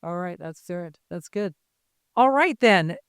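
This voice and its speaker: A middle-aged woman moderating a panel discussion on stage, brisk and joking as she prompts the panelists. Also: on the low side, lively intonation, clear, resonant tone, no room sound, studio quality. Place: conference stage.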